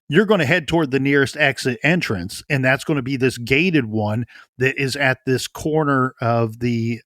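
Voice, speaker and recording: A man's voice: medium pitch, fairly bright tone, no echo, studio quality. A man co-hosting a true crime podcast, talking through a case in an earnest way and often repeating words as he thinks aloud. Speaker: podcast co-host.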